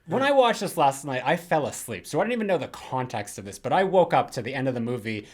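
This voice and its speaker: A young man co-hosting a casual film podcast, rambling and animated, mocking characters in quick put-on quotes. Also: medium pitch. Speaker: podcast co-host.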